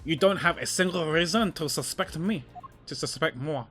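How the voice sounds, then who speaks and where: A man's voice: fairly high pitch, moderate pace, fairly bright tone, soft background music, lightly acted. A man voicing a smug male suspect who sprinkles French words into his protests.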